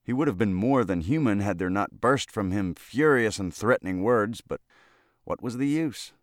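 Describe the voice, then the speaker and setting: A man narrating a classic short story in a steady, measured way. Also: on the low side, no echo, clean studio sound. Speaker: audiobook narrator.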